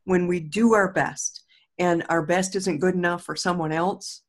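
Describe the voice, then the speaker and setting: A woman's voice: fairly low pitch, steady tone, a little slow. Grandmotherly woman telling heartfelt stories. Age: older. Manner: heartfelt storytelling, frequent restarts, laughs easily. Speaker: host. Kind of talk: casual spiritual talk.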